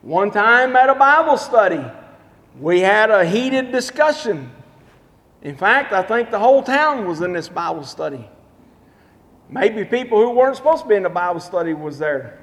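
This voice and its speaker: A man's voice: sits high, sing-song, normal speed, fairly bright tone. A pastor preaching a sermon in a church, emphatic and repetitive as he tells stories and drives his points home. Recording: long hall reverb.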